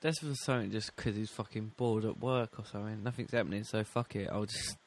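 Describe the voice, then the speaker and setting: A man's voice: fairly low pitch, fairly even intonation, a little fast, a little hiss or hum. A young man co-hosting a podcast in casual, sweary, joking banter. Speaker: podcast co-host. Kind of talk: casual chat.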